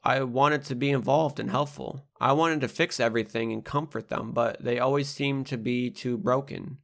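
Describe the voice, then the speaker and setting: A man's voice: mid-range voice, fairly even intonation, moderate pace, gravelly. A young man reading his own spoken-word poetry aloud, in a rhythmic, rhyming delivery full of blunt swearing.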